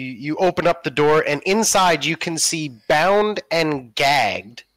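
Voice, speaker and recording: A male game master narrating a tabletop game slowly and descriptively, leaning on "kind of" as he sets each scene. His voice sits a little high and sounds bright, recorded dry and close to the mic. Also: dry recording, poor audio. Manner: descriptive, with many fillers like "kind of".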